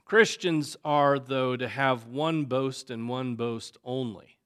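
A man, a pastor, teaching a Sunday school class in a conversational way, often stopping to ask "right?" and filling pauses with "um" and "you know". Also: medium pitch, a bit bright, clear, resonant tone. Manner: conversational, many fillers and tag questions. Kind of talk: unscripted Bible class teaching.

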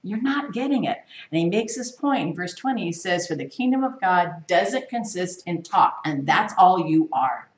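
A woman's voice: on the low side, lively intonation, moderate pace, few pauses. A woman leading a Bible study, teaching in an emphatic sermon style full of rhetorical questions. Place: church. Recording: echoey room, mic far off.

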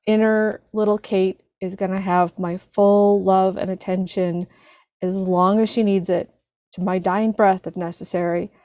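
A woman's voice: medium pitch, no room sound. Earnest woman sharing, dull dry audio. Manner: earnest, halting, searching for words. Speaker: recovery group speaker. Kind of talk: personal sharing at a meeting.

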